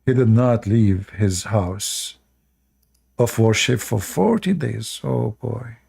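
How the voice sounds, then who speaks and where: Sarcastic gravelly male commentator. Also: on the low side, slow pace, warm tone. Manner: sarcastic, laughs often at what he reads. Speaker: religious commentator. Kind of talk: mocking commentary on religious texts.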